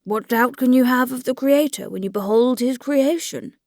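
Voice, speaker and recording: A woman's voice: sits high, moderate pace, darkish tone, dry recording, studio quality, pitched above the performer's own voice. A woman reading the part of a weary, good-natured old priest who rattles off churchly phrases in a rote rush. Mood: hurried, patient.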